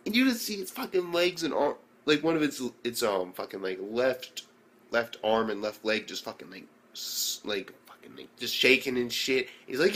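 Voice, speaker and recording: A man's voice: medium pitch, big pitch swings, moderate pace, a bit bright. A man giving a casual, rambling video review of an anime, swearing constantly and acting out the scenes as he goes. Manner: profane, rambling, acts out scenes.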